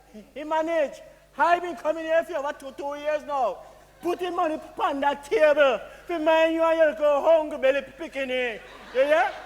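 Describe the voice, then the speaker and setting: An actor playing a jealous, blustering middle-aged Jamaican father in a stage comedy, stammering and shouting insults. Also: extremely high pitch, a little hiss or hum.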